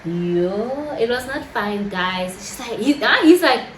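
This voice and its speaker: A woman's voice: a little high, slow, few pauses, a little hiss or hum. Dramatic woman vlogger, echoey. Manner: dramatic, animated, swears freely. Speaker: storytime vlogger. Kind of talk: casual storytelling. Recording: roomy echo.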